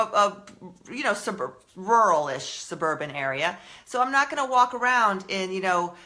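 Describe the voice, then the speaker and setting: A woman's voice: mid-range voice, pushed and bright. A woman hosting a casual live stream about fashion, chatty and rambling, stopping to correct herself, a little out of breath. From Massachusetts, US. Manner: chatty, rambling, self-interrupting.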